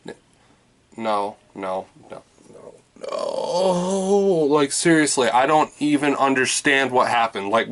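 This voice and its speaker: A man's voice: a little high, fairly bright tone. A man giving a casual, exasperated movie review rant, full of swearing and filler words.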